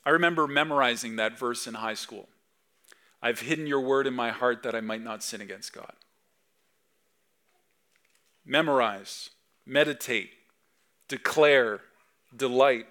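A man in his thirties, a pastor preaching a sermon with emphatic swings between loud and soft. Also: mid-range voice, normal speed. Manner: acts out dad talking to his kids.

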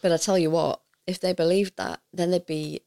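A woman co-hosts a podcast, chatting casually and teasing her partner in a wry way. Her voice is lowish for a woman and sounds close and dry, with no room around it. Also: fairly even intonation, normal speed, creaky, dark tone, no room sound. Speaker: podcast co-host. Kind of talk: casual chat.

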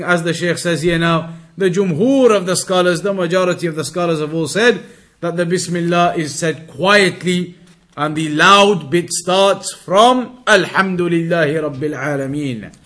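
Guy teaching a hadith class, pretty high voice, goes over points again and again. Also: fairly bright tone. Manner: methodical, repeats key points, reads Arabic passages quickly. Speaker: Islamic teacher. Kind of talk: explaining a hadith text.

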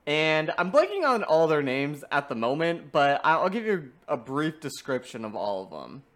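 A young man chatting casually about video games, animated and often breaking into laughter. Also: a little high, moderate pace.

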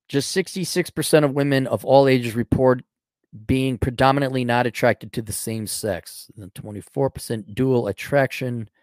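A man's voice: mid-range voice, unhurried, no room sound, studio quality. A middle-aged man hosting a podcast. He reads articles aloud and breaks in with mocking, sarcastic asides. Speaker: podcast host. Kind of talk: sarcastic commentary on read-out articles.

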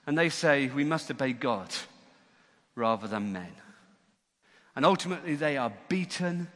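A man preaching a sermon as church leader, lively and acting out the voices in a Bible story. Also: mid-range voice, normal speed, long pauses. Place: church hall. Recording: long church-hall reverb.

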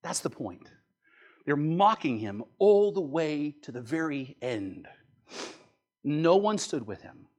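A man's voice: on the high side, sing-song, takes it slowly. A man preaching a sermon in an earnest, explanatory way, often asking "right?" and building to strong emphasis. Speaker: pastor.

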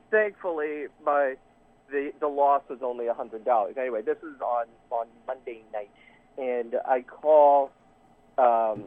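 A man on a call-in line tells his story in a rambling, halting way, circling back with restarts and fillers. His voice comes through a narrow, tinny phone line. The sound is dry and close. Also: medium pitch, dry recording. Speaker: caller.

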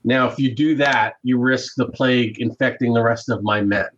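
Guy doing a stern roman commander, businesslike, flat middle voice, muffled lo-fi audio. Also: mid-range voice, slightly rough, close to an everyday voice. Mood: grim, businesslike. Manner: measured, matter-of-fact briefing. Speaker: game master voicing a character.

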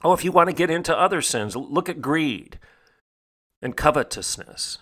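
A man's voice: a little high, animated, moderate pace, fairly bright tone. A middle-aged man hosting a podcast, delivering an emphatic, rhetorical monologue that repeats phrases for stress. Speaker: podcast host. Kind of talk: preaching monologue.

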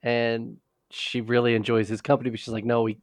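A man on a podcast chats casually through a TV episode recap. He rambles, restarts his sentences and drops in quick character quotes. His voice sits in the middle range and sounds dry and close. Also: medium pitch, level tone, no echo. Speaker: podcast co-host.

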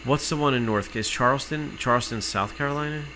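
A man rants through an angry, sarcastic story in casual chat, swearing freely. His mid-range voice is a little fast with a sharp tone, and there's slight background noise.

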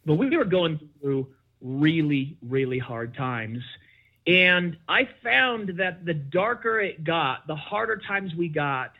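A man's voice: slow, phone-quality sound. A middle-aged man, a podcast guest, telling a candid personal story and acting out the back-and-forth of quoted conversations. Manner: animated, acts out quoted exchanges with big pitch jumps.

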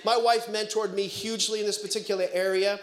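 Middle-aged pastor guy preaching, high voice, big lively storytelling, echoey church sound. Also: quick pace. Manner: animated storytelling, breaks into shouts and laughter. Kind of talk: sermon. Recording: echoey room.

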